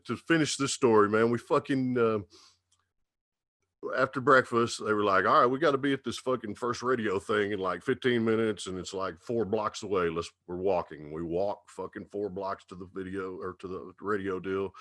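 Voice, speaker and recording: A man's voice: lowish voice, normal speed, a bit bright, no echo, clean studio sound. A man, a radio DJ appearing as a guest, telling rambling stories in casual talk with heavy swearing and laughter.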